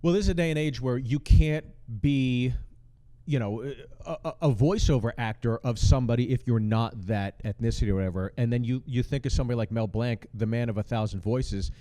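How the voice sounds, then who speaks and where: Man, host, mellow dark tone, mid pitch, earnest, analytical, long explanations. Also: brisk. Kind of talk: casual chat breaking down stand-up. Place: comedy club.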